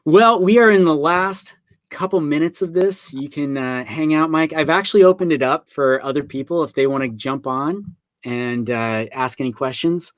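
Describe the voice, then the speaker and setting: A man's voice: fairly high pitch, moderate pace, no room sound. A man hosting a live online book signing, chatting casually and telling personal stories, acting out what people said. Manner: chatty storyteller, acts out quoted voices. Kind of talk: casual video-call chat.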